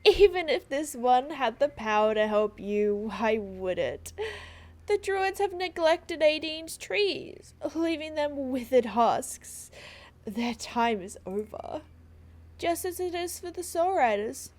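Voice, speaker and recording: A gloating young villainess from a horse-riding adventure game, sneering at her rivals, read out by a woman. The voice is high and deliberately slow. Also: very animated, a little mellow, exaggerated voice. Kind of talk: reading game dialogue aloud.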